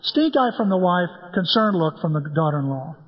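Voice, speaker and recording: A man's voice: on the high side, lively intonation, normal speed. An older man preaching a sermon as pastor, in a folksy way that weaves in stories and humor. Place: church sanctuary. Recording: dull sound with long church-hall reverb.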